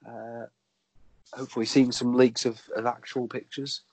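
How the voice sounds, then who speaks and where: A man's voice: mid-range voice, flat delivery, moderate pace, darkish tone, no echo, poor audio. A man chatting casually as a podcast co-host, hesitant, with many fillers and restarts. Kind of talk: casual chat.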